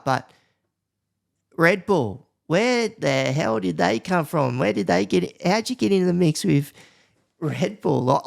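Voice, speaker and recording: A man's voice: on the high side, gravelly. A man hosts a podcast and asks loose, friendly questions in a casual interview. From Australia. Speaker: podcast host.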